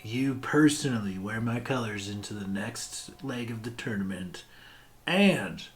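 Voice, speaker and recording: A man playing a shrewd, slow-talking shopkeeper. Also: on the low side, expressive. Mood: bargaining. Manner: haggling, drawn-out with pauses. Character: shrewd male shopkeeper, bargaining merchant.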